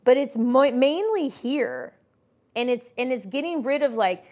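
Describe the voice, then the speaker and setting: A woman's voice: high voice, animated, unhurried, darkish tone. A woman in her forties hosting a casual live stream, giving emphatic motivational talk and reading chat comments aloud. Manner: mimics doubters in mocking voices. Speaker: livestream host and business coach.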